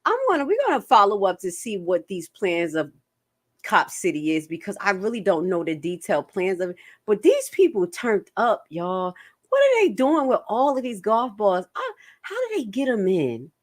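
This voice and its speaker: A woman's voice: mid-range voice, normal speed. A woman hosting her own livestream, chatting casually and reacting to news with slang and frequent laughter. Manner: animated, slangy, laughs often. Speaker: livestream host.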